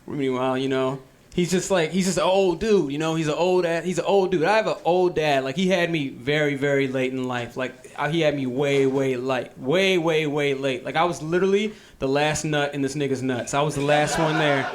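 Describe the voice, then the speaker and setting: A man's voice: a little high, normal speed. A man performing stand-up comedy, telling stories in a loose, conversational way. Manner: loose, conversational storytelling with repetition.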